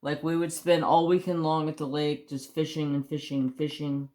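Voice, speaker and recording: A man's voice: on the high side, little pitch movement, moderate pace, a little mellow. A man casually telling a long personal story on his crafts channel, rambling with restarts and mild swearing. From United States.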